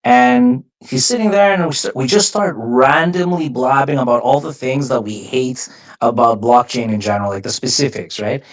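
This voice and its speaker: A man co-hosting a casual podcast, chatty and slangy, telling anecdotes in a relaxed way. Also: mid-range voice, moderate pace. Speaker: podcast co-host. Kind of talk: casual conversation.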